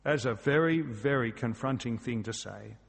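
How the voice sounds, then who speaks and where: A man's voice: medium pitch, moderate pace, creaky, slightly rough, long reverb tail. A man preaching a sermon in a church, earnest and emphatic, asking his listeners rhetorical questions. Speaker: pastor.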